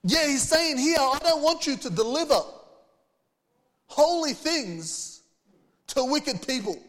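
A man's voice: extremely high pitch, lively intonation, slow, fairly bright tone, long reverb tail. A man preaching a sermon, reading scripture aloud and putting earnest rhetorical questions to the congregation. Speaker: pastor.

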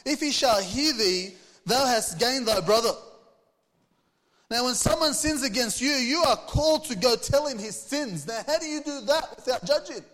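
Guy preaching w/ a really high voice, lots of rhetorical questions, big echoey church. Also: animated, moderate pace, fairly bright tone. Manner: earnest preaching, reads scripture aloud, rhetorical questions. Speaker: pastor. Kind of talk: sermon.

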